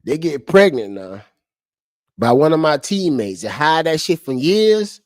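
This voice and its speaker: A man's voice: a little high, very animated, unhurried, no room sound, studio quality. A man live-streaming to his chat, talking heatedly and profanely and repeating his points over and over. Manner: heated, profane and repetitive, restating each point. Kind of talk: unscripted live-stream commentary.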